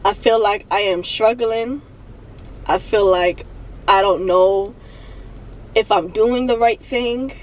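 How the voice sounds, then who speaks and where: A young woman vlogging from her car, venting and on the verge of tears, talking in a halting way and repeating herself. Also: mid-range voice, distant mic, low-quality recording. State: emotional, near tears. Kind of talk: emotional confessional vlog. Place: parked car.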